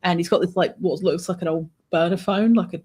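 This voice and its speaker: A woman guest telling a personal anecdote in a lively, conversational way, often laughing and swearing. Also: on the low side, brisk, breathy edge. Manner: animated, laughing, swears freely. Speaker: author guest. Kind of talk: conversational storytelling.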